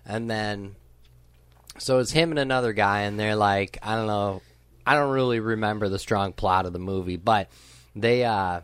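A young man with a low voice tells a rambling, profane story to friends. The sound is dry and close. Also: normal speed, smooth, no room sound. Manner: profane, rambling storyteller with loud bursts of laughter. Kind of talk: casual chat. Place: outdoors by a grill.

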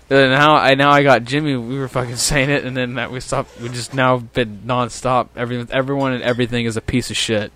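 A man's voice: medium pitch, quick pace, fairly bright tone. A young man telling rambling, profane anecdotes on a casual podcast.

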